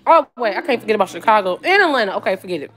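A woman's voice: medium pitch, very animated, rapid-fire, fairly bright tone, faint music behind. A woman from Wisconsin, live-streaming from home. She chats casually, reads viewer comments aloud, and eats between words. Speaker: vlogger. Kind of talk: casual live-stream chat while eating. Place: at home, indoors.

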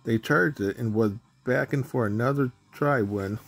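A man's voice: mid-range voice, moderate pace, vocal fry, breathy edge. A man reading a children's picture book aloud, stumbling over words now and then. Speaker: storybook reader.

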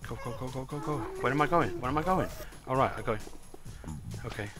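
A man's voice: medium pitch, fast talker, over music. A young man commentating his own gameplay in frantic, swearing bursts of repeated words.

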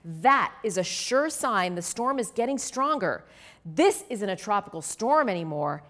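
A woman's voice: mid-range voice, animated, a little slow, fairly bright tone. A woman voicing a serious female frog forecaster reading weather numbers in a storybook. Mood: informative.

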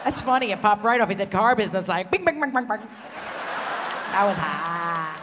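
A woman stand-up comedian doing a crude, brash insult comedy set on stage, teasing audience members and often shouting. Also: mid-range voice, lively intonation, moderate pace, noisy background. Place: stage in a large theater before a live audience. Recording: live hall recording with loud audience.

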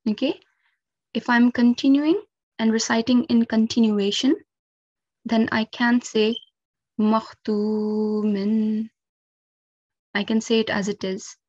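A woman's voice: on the high side, fairly even intonation, moderate pace, darkish tone, no room sound, highs cut off. A woman teaching recitation rules, explaining each step patiently and carefully with frequent 'um' and 'okay'. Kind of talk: instructional lesson.

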